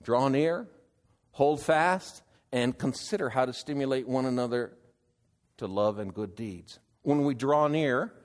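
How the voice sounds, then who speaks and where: A man preaching a sermon, slow and measured, building to emphatic exclamations. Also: mid-range voice, big-room sound.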